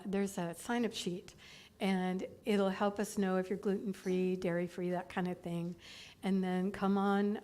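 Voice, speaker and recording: A woman's voice: mid-range voice, a little mellow. A middle-aged woman minister giving chatty, upbeat church announcements to her congregation, laughing now and then.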